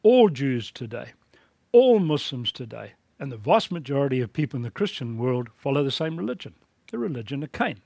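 Gravelly, blunt male lecturer. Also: medium pitch, sing-song, brisk, dark tone, no echo. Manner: blunt, emphatic preaching tone. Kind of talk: recorded course lecture.

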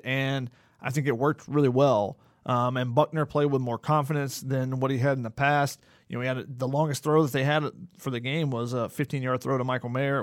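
A man's voice: medium pitch, no room sound, clean studio sound. A man co-hosting a sports podcast, breaking down plays in a detailed, analytical way. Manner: detailed, analytical, occasional repeated words. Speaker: podcast co-host.

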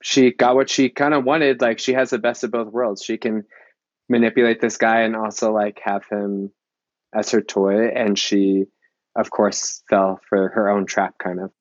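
A man's voice: fairly low pitch, little pitch movement, moderate pace, dry recording, highs cut off. A man chatting casually as a panelist in a film discussion, peppering his talk with "like". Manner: chatty, lots of "like".

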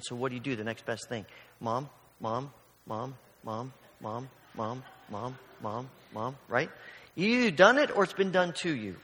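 A man's voice: mid-range voice, sharp tone. Man preaching in a reverberant hall. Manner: storytelling with acted-out voices, conversational. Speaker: pastor. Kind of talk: sermon.

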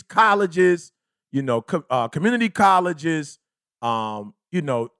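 A man with a fairly high voice hosts a casual podcast, preaching his point with heavy repetition. He sounds close and dry on the mic. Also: big pitch swings, a little slow, fairly bright tone, no echo. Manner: emphatic, preachy, repeats himself, says "bruh". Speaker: podcast host and life coach.

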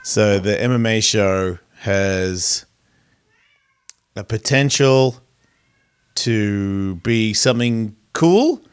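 A man's voice: lowish voice, expressive, extremely slow, pauses often, clear, resonant tone. A man hosting a podcast in casual chat, rambling, profane and easily sidetracked, recorded in a home studio. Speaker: podcast host. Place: home studio with a pet cat nearby.

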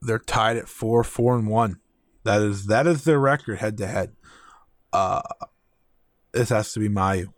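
A fairly low-voiced man hosts his own podcast alone, talking with eager, opinionated enthusiasm. He fills pauses with ums and uhs. The sound is dry and close, with no room around him. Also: no echo. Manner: enthusiastic, opinionated, many fillers. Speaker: podcast host. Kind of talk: solo wrestling podcast talk.

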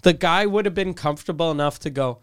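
A man's voice: on the high side, fast, clean tone. A man in a casual, profane chat with a friend, joking and ranting emphatically.

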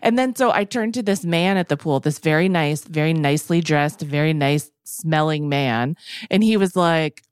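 A woman's voice: low-pitched, moderate pace, clean tone, no room sound, clean studio sound. A middle-aged woman co-hosting a podcast in casual chat, telling a long story and acting out what her friends said. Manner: animated storyteller, acts out quoted friends. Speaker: podcast co-host.

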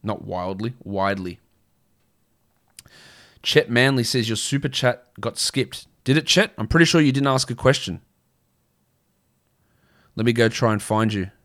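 A man with an Australian accent and a medium-pitched, fairly bright voice hosts a casual fantasy basketball livestream. He chats bluntly and answers viewer questions, restarting often and using plenty of fillers.

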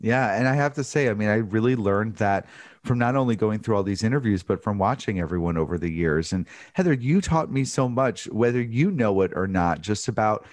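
A man with a somewhat low voice talks earnestly about his own experiences, his sentences often starting over as he searches for words. The recording is dry and close, with no room sound. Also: expressive, fairly quick, no echo. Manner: earnest, emotional, rambling with restarts. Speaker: author being interviewed. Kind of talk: candid interview conversation.

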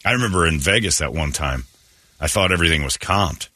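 A man hosting a morning radio show, telling self-mocking stories in casual chat and acting out quotes loudly. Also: rumbling low, lively intonation, fairly quick, no room sound. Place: radio studio. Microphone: studio microphone.

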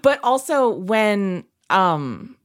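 A woman co-hosting a podcast in casual chat, laughing easily and giving measured advice. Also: medium pitch, very animated. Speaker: podcast co-host.

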